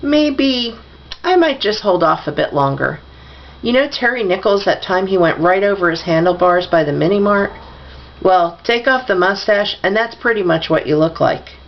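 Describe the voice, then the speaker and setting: A woman doing a tired father, teasing and jokey, gravelly voice, storybook reading. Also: mid-range voice, lively intonation, normal speed, muffled recording, lightly acted. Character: joking, tired father teasing his daughter.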